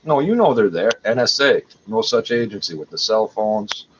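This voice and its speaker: A man's voice: on the low side, big pitch swings, moderate pace. A man at home hosting a livestream, rambling in an agitated, profane way. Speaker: livestream host. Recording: dull lo-fi audio with faint noise.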